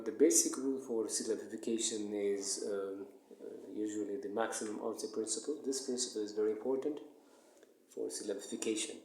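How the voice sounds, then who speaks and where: Male English teacher, low and mellow, patient, repeats each word, roomy echo. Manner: explains slowly, repeats words and counts syllables aloud. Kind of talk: recorded online lesson. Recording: echoey room.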